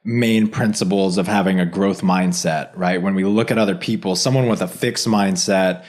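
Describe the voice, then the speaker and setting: A man's voice: low-pitched, fairly even intonation, normal speed, darkish tone. A man hosting a podcast interview, enthusiastic and reflective as he responds to his guest. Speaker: podcast host. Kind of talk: casual interview.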